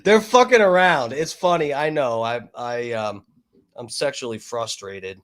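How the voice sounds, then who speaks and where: A man's voice: mid-range voice, a little slow, a bit bright. A man streaming casual commentary over videos, rambling and profane, with many fillers.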